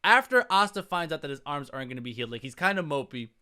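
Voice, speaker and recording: High, lively man retelling a story. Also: quick pace, clean tone. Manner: animated storytelling with casual profanity. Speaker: podcast co-host. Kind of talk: casual podcast chat.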